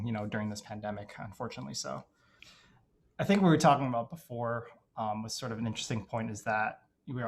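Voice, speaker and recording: A young man raised in Dubai, guest on a casual podcast interview, talking in a hesitant, reflective way full of fillers. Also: on the low side. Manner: hesitant, reflective, heavy use of "like" and "you know".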